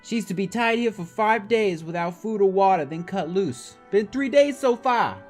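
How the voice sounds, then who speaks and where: A man's voice: sits high, lively intonation, faint music behind, voice pushed up. A man voicing a blunt, dismissive male clan guard in a game, with a put-on accent. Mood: gruff. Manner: put-on accent, slow and loud.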